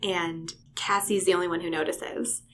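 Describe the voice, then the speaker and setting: A woman co-hosting a casual book discussion, enthusiastic and expressive. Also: fairly low pitch, moderate pace, a little hiss or hum. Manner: enthusiastic, reads passages expressively. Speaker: podcast co-host.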